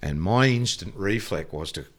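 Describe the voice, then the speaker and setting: A man's voice: sits low, animated, moderate pace. An older Australian man telling rambling stories in a casual interview, swearing freely as he goes. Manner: rambling, profane, anecdotal. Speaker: guest. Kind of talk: casual storytelling.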